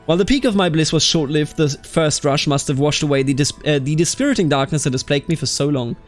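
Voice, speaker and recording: Talking fast in a fairly high pitch, this man from Bavaria runs a strategy game let's play with faint music behind him. He reads game events out loud and chats casually, breaking into exasperated, animated outbursts and calling people dude.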